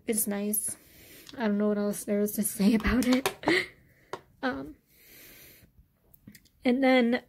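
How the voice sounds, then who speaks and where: A woman vlogger casually reviewing beauty products, relaxed and hesitant, with many fillers. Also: mid-range voice.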